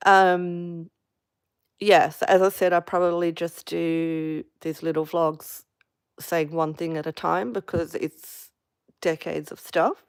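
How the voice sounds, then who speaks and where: A woman with a low voice vents frankly in a casual live personal vlog. She talks slowly and haltingly, with many fillers and restarts. The sound is dry and close. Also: flat delivery, smooth, dry recording. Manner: frank, venting. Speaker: vlogger on a live stream.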